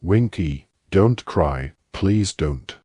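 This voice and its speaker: A man voicing an earnest, kind-hearted teenage schoolgirl who speaks gently. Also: deep voice, animated, extremely slow, breathy edge, no echo, full character voice. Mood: gentle.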